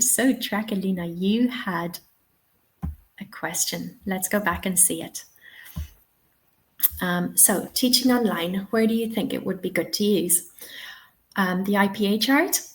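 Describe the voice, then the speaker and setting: A woman hosting a live webinar, patiently answering questions and giving spoken examples. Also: medium pitch. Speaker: English teaching trainer.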